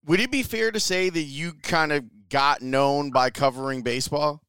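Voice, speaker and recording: A man's voice: a little high, moderate pace, pushed and bright, smooth, no room sound, clean studio sound. A man interviewing a guest, asking direct, conversational questions.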